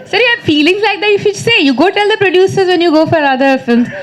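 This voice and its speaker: A woman's voice: very high-pitched, lively intonation, quick pace, low-quality recording. A woman in her thirties with an Indian English accent, answering press questions at a film event in a chatty, playful way that teases the reporters. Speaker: actress at a press meet.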